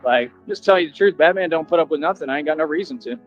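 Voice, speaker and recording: In a played clip, a man with a voice on the high side talks fast, delivering a confrontational, slang-heavy boast about running the streets. The audio is dull and lo-fi, with music underneath.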